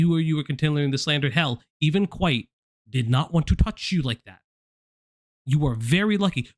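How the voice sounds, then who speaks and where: A man's voice: a little high, no echo, clean studio sound. A man hosting a commentary stream, lecturing in a heated, profane way. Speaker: stream host.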